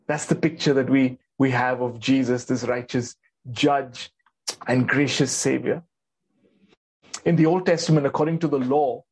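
A man's voice: on the high side, a little mellow, husky. A man preaching a sermon, earnest and emphatic, asking the listeners questions and repeating his key points. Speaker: pastor.

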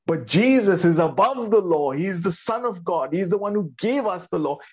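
A man delivers a sermon in a slightly raised, husky voice. He preaches earnestly, asks his listeners questions and repeats lines for emphasis. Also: sits high, animated, a little fast. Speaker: pastor.

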